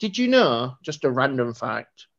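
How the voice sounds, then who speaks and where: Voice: mid-range voice, big pitch swings, a little slow, creaky. A podcast co-host, chatting casually about a film, rambling with lots of fillers. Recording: dull lo-fi recording.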